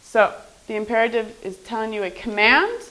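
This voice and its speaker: A woman teaching an English class to adult learners, speaking slowly and emphatically. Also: a little high, rough recording. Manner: animated, slow, emphatic classroom delivery.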